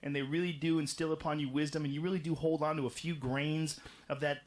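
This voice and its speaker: A middle-aged man in casual podcast conversation, telling long, animated stories full of swearing and restarts. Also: a little high, quick pace. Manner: animated, profane, rambling storytelling. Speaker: podcast guest recounting experiences.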